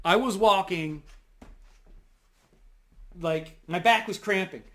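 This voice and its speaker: A man casually telling a rambling personal story to camera, animated, with restarts and blunt swearing. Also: high voice, slow pace.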